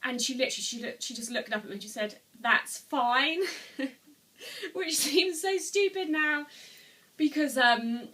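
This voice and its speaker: A woman's voice: sits high, lively intonation, normal speed, a bit bright, recorded from a distance. A woman in her twenties telling a personal story to camera at home, earnest and rambling with many restarts. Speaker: vlogger. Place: room at home, seated.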